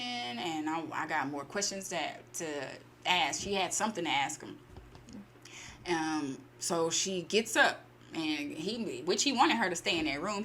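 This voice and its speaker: With a low, fairly bright voice and slight background noise, a story channel host retells a short story informally in her own words. She chats along using plenty of fillers and quoted asides, performing each character's lines.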